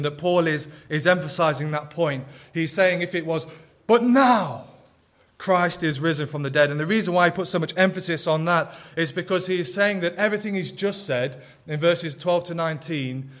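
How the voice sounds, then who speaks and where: A man preaching a sermon in an earnest, emphatic way. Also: fairly high pitch. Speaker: pastor.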